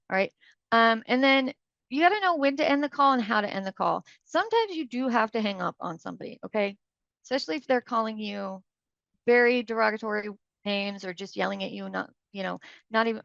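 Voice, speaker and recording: In a conversational live session coaching real estate agents, a woman frequently checks in with listeners and plays out brief phone conversations in different voices. She speaks briskly in a gravelly, fairly bright mid-range voice, and the audio is dull with no echo.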